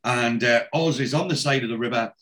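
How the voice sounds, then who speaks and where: A man's voice: medium pitch, brisk, fairly bright tone. A man hosting a podcast, casually recapping a TV episode in a rambling way, full of "you know" and restarts. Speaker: podcast host.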